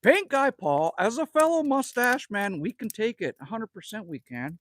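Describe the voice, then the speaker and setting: This man from Manitoba, Canada speaks in a high, sing-song voice at a moderate pace, with a slightly bright tone and a little hiss or hum in the audio. As a livestream host in a cabin with a wood stove, he chats casually, rambles, jokes and reads out chat messages.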